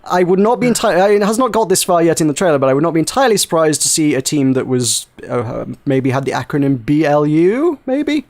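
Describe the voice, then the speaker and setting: A man's voice: on the high side, expressive. Jokey British man hosting a podcast. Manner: jokey, rambling, quick to laugh. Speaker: podcast host. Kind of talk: casual gaming podcast chat.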